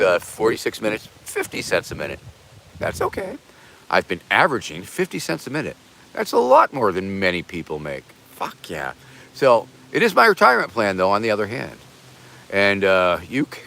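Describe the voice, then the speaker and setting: An older man chats casually on a livestream, answering viewers with deadpan, absurd jokes. His pitch sits in the middle but swings widely, and he breaks into shouted pleas for donations. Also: slight background noise. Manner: jokey, deadpan absurd humor, begging for donations in bursts of loud shouting. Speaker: livestream host reading super chats.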